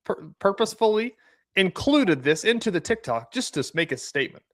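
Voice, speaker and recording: A man's voice: high-pitched, big pitch swings, fairly quick, fairly bright tone, no echo, studio quality. A young man co-hosting a sports radio show, teasing and laid-back in casual banter.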